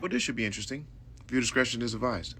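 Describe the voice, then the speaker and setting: A man doing a deadpan announcer, rapid and quiet. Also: mid-range voice, slight background noise.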